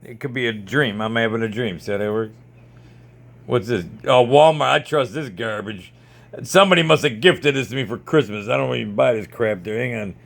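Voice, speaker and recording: A man's voice: medium pitch, a little fast, gravelly. A man vlogging at home, ranting sarcastically and swearing as he checks jars in his storage. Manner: keeps repeating "see how that works".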